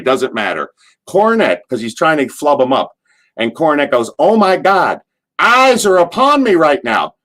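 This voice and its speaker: A man from Allentown, Pennsylvania, a wrestler, telling rambling backstage stories in an interview, swearing casually and restarting his sentences. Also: medium pitch. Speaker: retired pro wrestler, interview guest. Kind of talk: rambling anecdotal storytelling.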